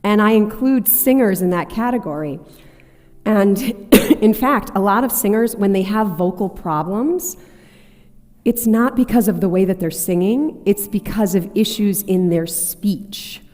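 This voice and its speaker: A woman's voice: mid-range voice, measured pace, darkish tone. A woman, a singing teacher and opera singer, giving a friendly explanatory talk on stage. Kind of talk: stage presentation. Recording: long hall reverb.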